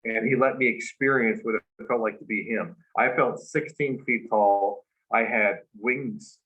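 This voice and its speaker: A man, a guest, casually telling a long story, animated and full of fillers. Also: on the low side, a little slow. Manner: animated retelling with many fillers. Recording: dull lo-fi recording.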